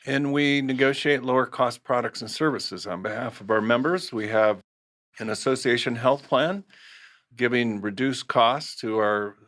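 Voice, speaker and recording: A man with a mid-range voice co-hosts a business podcast. He runs through a list of services briskly, in a plain, businesslike tone. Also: mid-range voice, a bit bright. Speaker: podcast co-host, trade association chief. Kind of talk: interview self-introduction.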